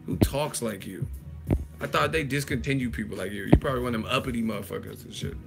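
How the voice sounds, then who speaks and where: A man's voice: medium pitch, fast talker, creaky, loud music behind the voice. A man hosting a live chat stream, roasting a viewer in a profane, mocking, laughing way. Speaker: livestream host.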